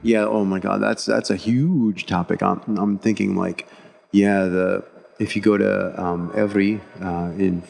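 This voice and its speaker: A man's voice: low voice, steady tone, measured pace, creaky, a little mellow, breathy edge. A man co-hosting a casual chat, telling rambling stories with many restarts and acted-out quotes.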